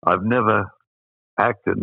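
A man's voice: on the low side, steady tone, slow pace, creaky, dry recording, narrow, tinny audio. An older Australian man telling rambling anecdotes as an interview guest, full of fillers. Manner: rambling, with many uh fillers and laughs. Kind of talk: anecdotal storytelling.

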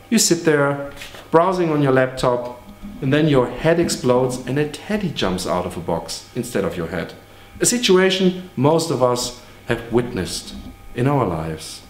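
Hammy high-voiced man hawking his art. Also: reverberant, a little hiss or hum. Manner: exaggerated, hammy, profane. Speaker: artist selling his own paintings. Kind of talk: joking sales pitch.

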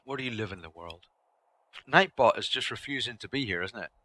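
A man's voice: fairly low pitch, expressive, brisk, bright, forceful tone. A man streaming a game live, chatting casually with his viewers in a rambling way that repeats itself.

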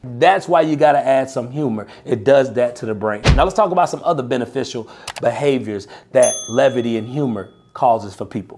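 A man, coaching sales reps in a punchy, animated, preacher-like way, often tagging lines with "right?". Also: mid-range voice, slight background noise. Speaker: sales coach and podcast host. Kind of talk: motivational sales coaching talk.

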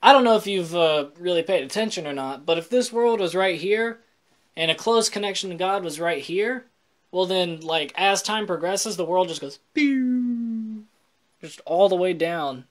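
A man's voice: high-pitched, moderate pace. A man on a casual Christian vlog who explains scripture in plain words and mixes in joking, self-deprecating asides. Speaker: Christian vlogger. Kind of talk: casual faith vlog talk.

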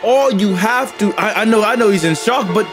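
A man reacting live to a gaming video, excitable and slangy, often yelling advice at the characters on screen. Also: high voice, normal speed, over music.

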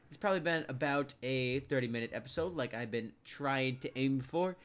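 A young man giving casual commentary over a game he plays, mumbling to himself one moment and shouting the next. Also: mid-range voice, moderate pace. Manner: excitable, jumps from mumbling to loud outbursts. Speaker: gameplay commentator. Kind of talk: casual let's play commentary.

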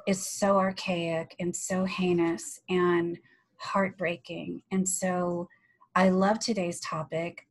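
A woman's voice: lowish voice, rough recording. A woman on a panel discussion, talking candidly and animatedly, telling a story over a video call.

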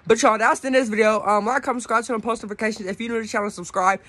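A man's voice: sits high, fairly even intonation, very fast. A man vlogging casually at an outdoor dog park, talking to his dog and his viewers on a handheld phone. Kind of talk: casual vlog chat. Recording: outdoor phone recording with clear background noise.

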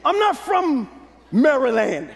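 A man preaches a sermon in a strikingly high register. He works the crowd in call-and-response, sinking to quiet confiding lines before climbing back to shouts. His voice rings with the long reverb of a big hall. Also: huge pitch swings, slow pace, vocal fry. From Brooklyn, New York. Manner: preachy call-and-response, swinging from low hush to shouted peaks. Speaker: pastor.

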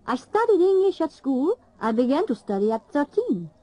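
A woman from Italy, speaking in a clear, measured scripted monologue. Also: high voice, very animated, warm tone, rough recording. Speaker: language learner.

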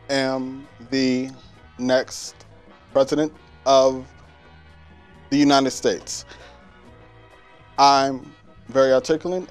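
A man's voice: mid-range voice, a little mellow, lightly acted. A male comedian playing a pompous, scheming presidential candidate who brags in over-the-top campaign speechifying. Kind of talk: stand-up comedy sketch.

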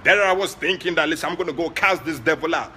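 A man with a Ghanaian accent preaching during an online prayer session, moving between soft asides and loud, passionate exclamations. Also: a little high, fast, slight background noise. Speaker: prophet leading online prayer. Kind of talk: sermon.

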